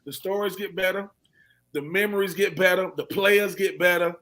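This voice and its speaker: A man's voice: high-pitched, moderate pace. A man with a Southern American accent, chatting casually on a sports radio panel and acting out the voices he quotes. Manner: animated, storytelling, acts out quoted voices.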